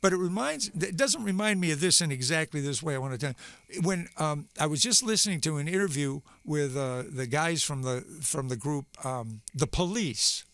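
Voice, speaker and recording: High, bright-voiced man chatting between songs. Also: lively intonation, normal speed, dry recording. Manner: rambling, searching for words with many fillers. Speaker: singer-songwriter. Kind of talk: live-stream chat between songs.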